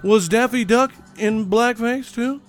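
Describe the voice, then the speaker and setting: A man putting on a shrill, sneering troll voice. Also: a little slow, faint music behind. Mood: mocking. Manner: sneering, exaggerated high-pitched mockery. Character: shrill mocking male troll commenter.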